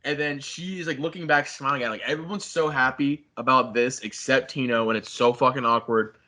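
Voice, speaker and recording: A man's voice: medium pitch, fairly even intonation, fairly quick, pushed and bright. A young man, a podcast co-host, animatedly retelling a story in casual chat, swearing a lot and saying "like" constantly.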